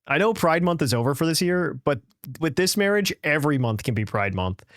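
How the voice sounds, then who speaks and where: A man's voice: on the high side, lively intonation, a little fast, a bit bright, no echo, clean studio sound. A man hosting a casual podcast, reading a listener's email aloud in a playful, jokey way and tripping over words now and then.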